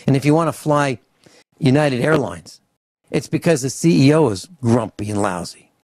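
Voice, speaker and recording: A man hosting a radio talk show, ranting in an animated, grumbling way and acting out little mock dialogues. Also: medium pitch, normal speed, no echo. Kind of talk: opinionated radio talk and rant. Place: home studio on a farm. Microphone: studio microphone.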